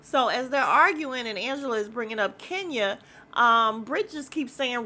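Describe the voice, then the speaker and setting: A woman's voice: a little high, lively intonation, normal speed, sharp tone. A woman hosting a podcast, recapping a reality show in casual chat, blunt and gossipy with slang and cursing, rambling with plenty of fillers. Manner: chatty and rambling, with frequent fillers.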